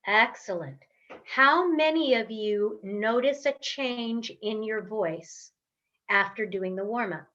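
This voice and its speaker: A woman voice coach leading a guided vocal warm-up over a webcam, giving encouraging step-by-step instructions with long hums. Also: on the high side, slow, dull audio. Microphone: webcam on a video call.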